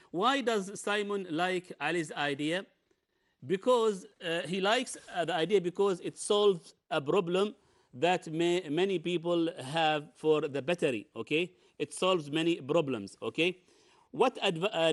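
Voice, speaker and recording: Male English teacher on a broadcast lesson; explanatory, pauses often, slightly high pitch. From Oman. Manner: explanatory, hesitant with many fillers. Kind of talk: televised classroom lesson.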